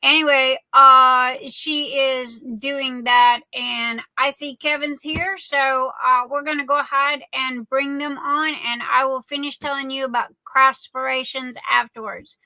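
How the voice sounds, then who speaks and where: A woman's voice: sits high, fairly even intonation, a little slow, few pauses, bright, forceful tone, dry recording, rough recording. A woman, hosting a live stream and greeting viewers by name in a chatty, affectionate, rambling way. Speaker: livestream host. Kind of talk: casual chat greeting viewers.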